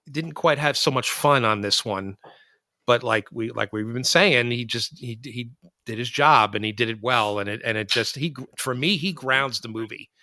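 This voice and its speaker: A man hosts a casual podcast about films, telling scenes in an animated, rambling way. His voice is bright and forceful, and the sound is dry and close, with no room around it. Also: medium pitch, no echo. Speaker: podcast host. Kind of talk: casual film discussion.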